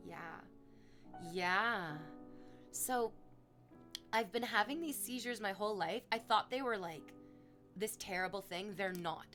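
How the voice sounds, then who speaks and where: A woman's voice: slow, pauses often, faint music behind. A young woman streaming, chatting casually with viewers in a rambling, self-mocking way. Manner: rambling and self-mocking, bursts into high squealing excitement over gifted subs.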